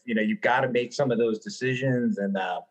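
A middle-aged man from the eastern United States who works as an insurance underwriter, speaking in a relaxed, reflective way with some hesitations. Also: medium pitch, fairly quick, rough recording. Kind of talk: casual conversation.

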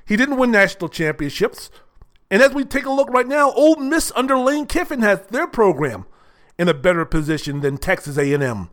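A man's voice: a little high, animated, a little fast, a bit bright. An older man hosting a solo sports talk show, talking in a blunt, rambling, profane way with many fillers. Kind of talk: casual solo sports commentary.

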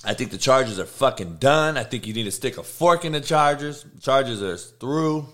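Guy hosting a sports betting show, casual, swears a lot, reads injury news, medium pitch. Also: expressive, normal speed, fairly bright tone. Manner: profane, offhand, reads news aloud.

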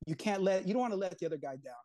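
A man, a guest on an interview show, telling a story in a lively way, acting out other people's lines and swearing casually. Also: high-pitched, rapid-fire, dry recording. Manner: lively storyteller who acts out quoted dialogue, casual swearing. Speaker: comic co-creator, guest.

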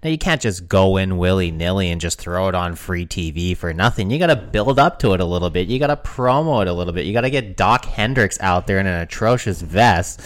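A man's voice: sits low, fairly quick, few pauses, no room sound. A man co-hosting a podcast in casual chat, sarcastic and profane, cracking wrestling jokes. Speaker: podcast co-host.

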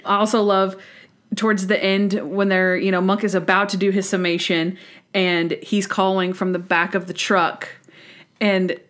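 A woman co-hosting a podcast chats casually and enthusiastically about a TV episode, acting out characters' lines in shifting voices. Her medium-pitched voice is a bit bright, with little pitch movement and a moderate pace.

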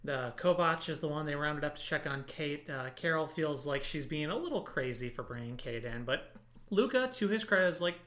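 Chill podcast guy recapping a tv episode, brightish voice a bit higher than most. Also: lively intonation, a little fast. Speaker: podcast co-host. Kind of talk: casual chat recapping a TV episode.

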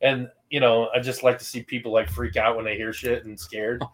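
A man hosting a podcast in casual chat, animated and acting out his reactions. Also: mid-range voice, fairly quick. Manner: animated, acts out yelling at his phone. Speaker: podcast host.

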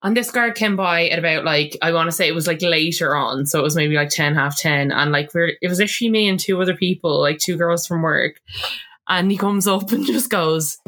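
A woman in her thirties talks in a slightly low voice. She chats casually as a co-host, spinning stories full of quick asides. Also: fairly bright tone. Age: 30s. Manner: chatty storyteller, quick asides, frequent laughs. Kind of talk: casual chat.

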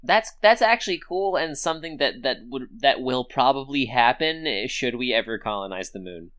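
A podcast co-host in casual chat about an anime series, excitable and freely profane. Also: medium pitch, normal speed. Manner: animated, excitable, swears freely.

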